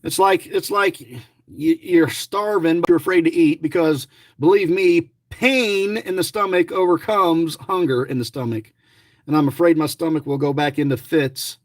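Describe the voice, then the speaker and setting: A man's voice: on the high side, animated, normal speed, dry recording, studio quality. A middle-aged man giving chatty, rambling running commentary to his viewers, grumbling and joking as he goes. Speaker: lottery scratch-off vlogger.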